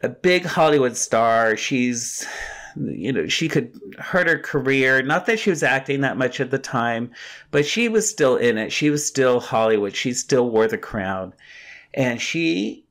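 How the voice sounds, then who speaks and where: A man's voice: mid-range voice, lively intonation, measured pace, fairly bright tone. Chatty older man telling stories. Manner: chatty, rambling, gossipy, with repeats. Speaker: podcast host telling his own stories. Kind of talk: casual storytelling monologue.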